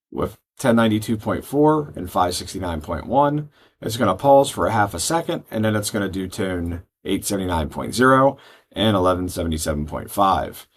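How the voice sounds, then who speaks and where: A man giving a step-by-step software tutorial, explaining settings plainly with frequent ums. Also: lowish voice, husky. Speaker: product trainer. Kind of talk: screen-recorded software tutorial.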